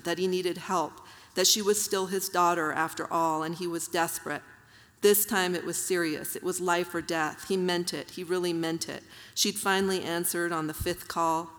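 A woman author reading her own prose aloud at a literary reading, measured and even, with soft fillers between passages. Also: on the low side. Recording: long hall reverb.

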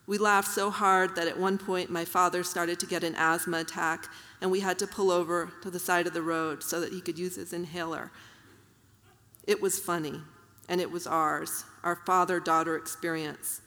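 An author with a lowish voice reads her own prose aloud to an audience in a measured, even delivery, slipping soft fillers between passages. Her voice rings with a hall's long reverb.

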